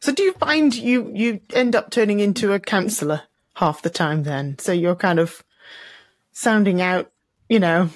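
A woman's voice: medium pitch, moderate pace, no room sound, clean studio sound. A woman hosting a podcast interview, asking questions and adding brief, encouraging comments. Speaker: podcast host. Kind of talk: conversational interview.

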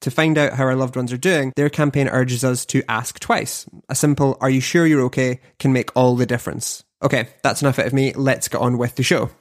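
A man hosting a podcast, reading a scripted intro, then chatting with a guest in a studio in a measured presenter voice. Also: mid-range voice, steady tone. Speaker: podcast host. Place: studio across a table. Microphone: headphones and studio mic.

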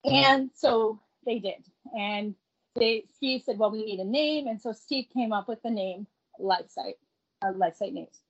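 A middle-aged woman with a slightly high, breathy voice tells a long family anecdote in a loose, conversational way. She acts out each quoted voice as she goes. The recording sounds dull and lo-fi. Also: a little slow. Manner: animated, acts out the quoted voices, laughs between lines. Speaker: guest telling her family story. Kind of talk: casual anecdotal storytelling.

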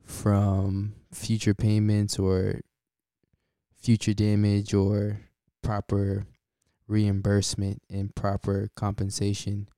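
A man's voice: fairly low pitch, warm tone, dry recording, studio quality. A man hosting his own podcast, talking casually and laid-back, often chuckling between points. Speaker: podcast host. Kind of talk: casual solo podcast talk.

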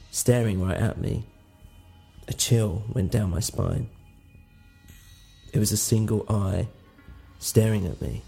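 A man narrating a first-person audio drama in a hushed, uneasy tone. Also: on the low side, vocal fry, slightly rough.

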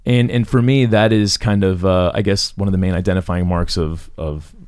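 A man's voice: deep voice, fairly even intonation, moderate pace, a little mellow, clean tone, no room sound, studio quality. A man co-hosting a podcast in casual chat, often stopping and repeating words as he thinks. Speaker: podcast co-host.

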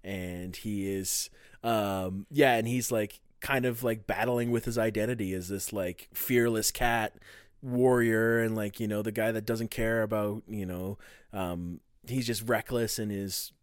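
A man's voice: fairly low pitch, steady tone, unhurried, smooth, no echo, clean studio sound. A man co-hosting a podcast in casual chat, swearing and laughing a lot. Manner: loud, profane, laughing banter. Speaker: podcast co-host.

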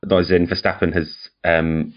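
A man's voice: low-pitched, flat delivery, moderate pace, muffled recording. A young man co-hosting a podcast, bantering and joking in a playful way. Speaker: podcast co-host. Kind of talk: casual chat.

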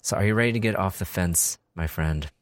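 A man co-hosting a podcast in casual chat, an animated storyteller who acts out his friends' lines. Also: deep voice, fairly quick, dry recording, clean studio sound. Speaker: podcast co-host.

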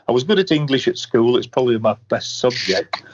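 A man's voice: medium pitch, sing-song, a little fast, noisy background. An older man with a Yorkshire accent, a veteran sports commentator telling stories of his career in an interview. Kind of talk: reminiscing interview talk. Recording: dull lo-fi podcast audio.

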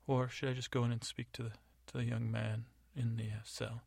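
A man's voice: medium pitch, flat delivery, fairly quick, creaky, darkish tone, no echo, clean studio sound. Man doing a scheming haughty stepmother. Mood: sly. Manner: imperious, scheming. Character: scheming haughty stepmother, middle-aged woman.

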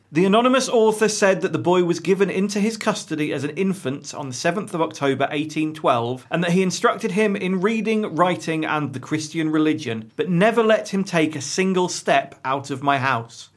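A man hosting a casual podcast, reading an article aloud with wry jokey asides. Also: a little high. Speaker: podcast host.

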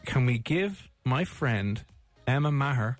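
A man's voice: medium pitch, animated, slow pace, dry recording, soft background music. A young Irish man hosting a radio show, chatting casually and teasing his co-host. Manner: teasing, jokey. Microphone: studio microphone.

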